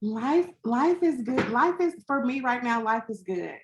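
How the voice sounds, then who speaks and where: A woman guest on a casual podcast call, answering in a relaxed, easygoing way through her laptop microphone. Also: fairly high pitch, measured pace, muffled recording, slight background noise. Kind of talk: casual interview chat. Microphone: laptop microphone on a video call. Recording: echoey laptop audio over a call.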